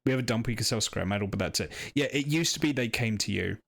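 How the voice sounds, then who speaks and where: Low-voiced rambling streamer. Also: male voice, quick pace, vocal fry, fairly bright tone. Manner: rambling, hesitant, wry. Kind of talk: casual game commentary.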